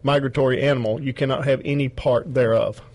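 A man's voice: medium pitch, steady tone, a little fast, a little mellow, rough recording. A man who works at a wildlife park, explaining owls on a studio chat show with dry jokes. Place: studio with a live owl.

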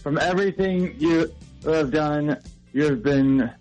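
A man calling in to a radio show, earnest and a little halting as he gives thanks. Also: on the high side, darkish tone, faint music behind, poor audio. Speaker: caller. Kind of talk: phone-in tribute.

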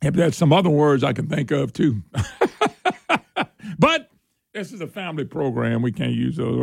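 A man hosting an opinionated political talk show, sarcastic and quick to laugh. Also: expressive, gravelly, a little mellow, no room sound, studio quality. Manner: sarcastic, laughs often, voice jumps high when mocking. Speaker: radio talk show host.

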